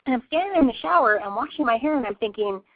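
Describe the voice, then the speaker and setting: A woman's voice: fairly high pitch, expressive, quick pace, dry recording. A woman hosting a casual radio interview, a chatty storyteller who laughs often. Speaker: host. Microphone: phone. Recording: tinny phone line, dry.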